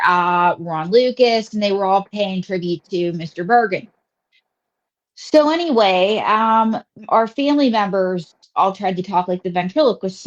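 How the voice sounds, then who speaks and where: Western pa lady comedian rambling through stories, lots of "you know", bit muffled audio. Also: medium pitch. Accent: Western Pennsylvania. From Western Pennsylvania. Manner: chatty storyteller, rambling with many fillers and asides. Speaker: comedian guest. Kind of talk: casual interview chat. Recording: slightly dull lo-fi audio.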